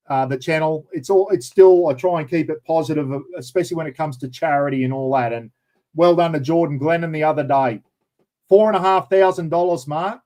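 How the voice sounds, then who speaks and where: A man's voice: a little high, darkish tone, rough recording. An Australian man hosting a casual live chat, rambling and chatty, calling everyone mate. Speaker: livestream host.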